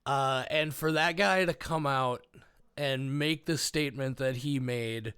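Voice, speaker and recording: A man's voice: medium pitch, a little slow, a bit bright, clean tone, no echo, clean studio sound. Profane, ranting podcast co-host man. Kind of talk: casual podcast chat.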